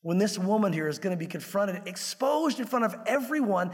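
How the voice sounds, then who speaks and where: Man, pastor, animated sermon, high voice, long reverb. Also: brisk. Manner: animated preaching, acts out little scenes.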